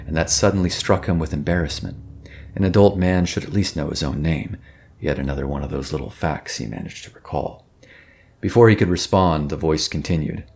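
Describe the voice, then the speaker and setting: Dude narrating a tense story, super deep voice, steady pacing. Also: male voice, gravelly, a little hiss or hum. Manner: measured, suspenseful storytelling. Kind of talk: scripted narration.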